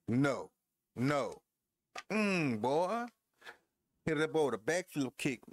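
Speaking slowly in a slightly high, sing-song voice, a man plays a wrestling game and chats casually about it, laughing, addressing viewers and trash-talking his opponent. He uses a headphone headset.

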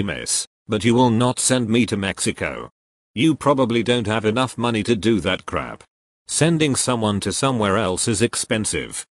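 A synthetic man's voice with a British accent, flatly reading out joke error messages and answering them. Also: lowish voice, dry recording. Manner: flat, even synthetic delivery that bursts into loud shouting. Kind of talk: comedic text-to-speech reading.

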